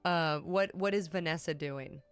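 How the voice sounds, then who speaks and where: Slow-talking woman narrating a game. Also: low-pitched, clean tone, soft background music. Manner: slow, measured narration with frequent ums. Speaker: game master. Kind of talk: narrating a tabletop role-playing game.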